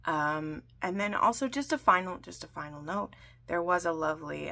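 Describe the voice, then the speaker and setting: A woman's voice: fairly low pitch, moderate pace, vocal fry, bright, forceful tone, a little hiss or hum. A woman recapping a TV episode in a casual, gushing vlog chat, full of ums and asides. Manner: gushing, chatty, many fillers. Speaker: book and TV series recap vlogger.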